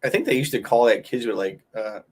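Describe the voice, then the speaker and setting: A man co-hosting a casual podcast in an everyday mid-pitched voice. He talks bluntly and crudely and swears without holding back. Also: lively intonation, brisk, husky. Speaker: podcast co-host. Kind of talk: casual chat.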